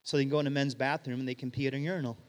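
Middle-aged man, pastor preaching in a church hall, lively storyteller who acts out the voices, slight hall reverb. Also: medium pitch, racing. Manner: animated storyteller, acts out dialogue, swings loud and hushed. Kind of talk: sermon with storytelling.

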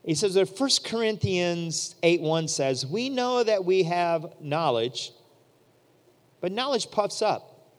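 Animated preaching man, high voice. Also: slow pace. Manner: animated, acts out quoted voices. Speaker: pastor. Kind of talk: storytelling sermon. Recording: long hall reverb.

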